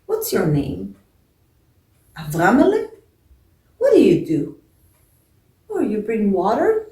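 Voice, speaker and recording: A woman voicing a humble, pious old miser who speaks softly and gratefully. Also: medium pitch, wildly swooping pitch, slow pace. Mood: warm, concerned. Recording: echoey room, voice from a distance.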